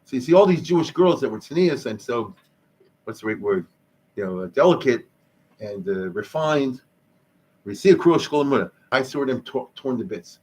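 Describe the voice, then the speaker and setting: A man's voice: medium pitch, animated, moderate pace, slightly rough. Man, rabbi, informal history lecture in a synagogue hall, conversational, Hebrew and Yiddish terms.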